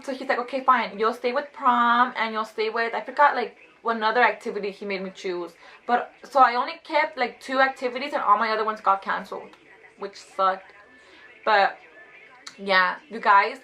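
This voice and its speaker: A woman in her twenties telling a casual storytime vlog, chatty and animated, saying "like" constantly. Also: a little high, rough recording. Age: 20s. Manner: chatty, fast, heavy use of "like", animated retelling. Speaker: vlogger.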